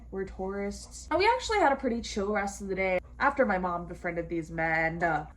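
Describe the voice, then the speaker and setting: A young adult woman vlogs a casual storytime while doing her skincare, speaking at medium pitch. She's slangy and profane, tossing in comic asides.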